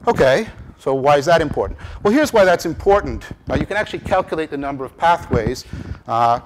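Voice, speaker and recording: A man giving a conference lecture on cognitive science, with animated emphasis, rhetorical repeated questions and frequent restarts. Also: mid-range voice, background noise. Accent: Canadian English. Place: lecture room.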